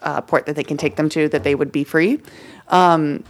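A woman with a fairly low voice co-hosts a laid-back history podcast, presenting her research in a loose, chatty story. She speaks at normal speed with fairly even intonation, peppering her talk with "like," "uh," and playful slang.

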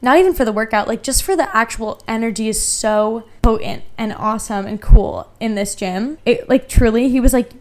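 A woman's voice: fairly high pitch, moderate pace, hardly any pauses, a little mellow. A young woman hosting her podcast, chatting casually and gushing, with lots of "like" fillers. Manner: chatty and gushing, heavy use of "like". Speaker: podcast host. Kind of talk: casual solo podcast chat.

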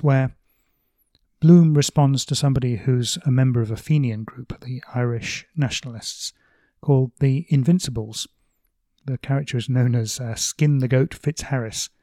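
A man hosts a podcast in a measured, thoughtful manner and lets in a lightly wry note now and then. His voice is mellow and warm. The sound is dry and close to the mic. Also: mid-range voice, no echo. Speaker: podcast host and blogger. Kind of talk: scripted podcast commentary.

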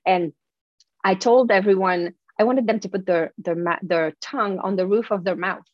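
A woman with a French accent, a guest on an interview, telling animated, expressive stories with frequent restarts. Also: medium pitch, moderate pace, dry recording, muffled recording. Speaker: guest, confidence speaker. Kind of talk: casual interview storytelling.

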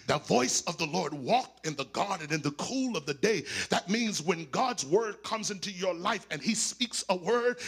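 Male preacher, high gravelly voice, bright and raspy, shouting sermon cadence. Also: expressive, normal speed, hardly any pauses. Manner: preaching, rising to shouts and sing-song cadence. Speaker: pastor.

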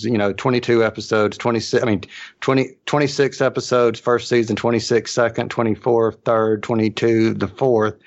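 A man with a lowish voice co-hosting a casual podcast chat, thinking aloud and repeating himself as he works toward a point. The recording sounds dull and lo-fi. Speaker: podcast co-host.

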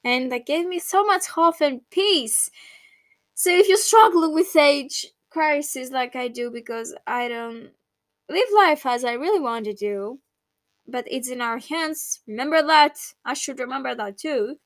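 A woman's voice: high voice, animated, unhurried, dry recording. A young woman hosting a reflective personal monologue, candid and emotional, swearing casually. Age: young adult. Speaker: podcast host.

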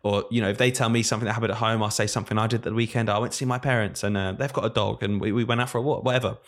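A man's voice: lowish voice, racing. A man in his late twenties, a primary school teacher, chatting casually on a podcast and acting out his pupils. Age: late 20s. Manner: animated storyteller, acts out pupils' voices.

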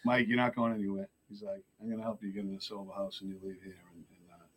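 With a husky voice and fast delivery, a man from Lowell, Massachusetts shares his recovery story as a podcast guest, chatting casually and bluntly while animatedly imitating the people in it.

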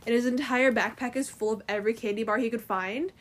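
A woman's voice: fairly high pitch, fairly even intonation, quick pace, background noise. A young woman co-hosting a casual chat, rambling through a plot recap with lots of fillers. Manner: chatty, rambling, filler-heavy. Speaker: co-host.

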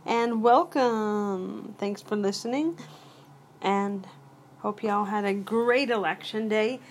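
On her own solo podcast, a woman talks at a slow pace in a medium-pitched voice, with a little hiss or hum on the recording. She rambles casually, often cuts herself off mid-thought, and drops chatty asides.

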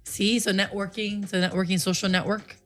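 A woman's voice: medium pitch, little pitch movement, brisk, music in the background. Goofy, teasing young woman host. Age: 20s. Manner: goofy and teasing, often laughing it off. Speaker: show host. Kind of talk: casual talk show chat. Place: live-streamed studio.

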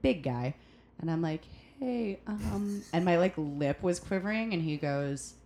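Low-pitched American woman, server guest, animated storyteller in casual chat. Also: normal speed, a little hiss or hum. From United States. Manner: animated storyteller, acts out quoted people. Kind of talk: casual podcast conversation.

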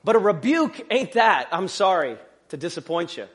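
High-voiced man preaching a casual sermon. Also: very animated, moderate pace, fairly bright tone. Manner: conversational, with rhetorical questions and joking asides. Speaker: pastor.

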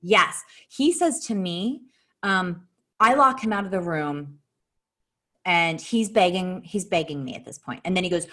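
Woman, low-ish voice, swears freely, blunt and animated; casual podcast storytelling. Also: brisk. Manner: profane, blunt and emphatic; animated, with sharp jumps in pitch.

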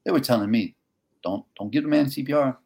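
A congressional candidate with a rough, gravelly, medium-pitched voice speaks fast and with earnest conviction. He tells a gripping personal story, then pitches his political plans with mounting intensity and punchy repetition, rising to near-shouting.

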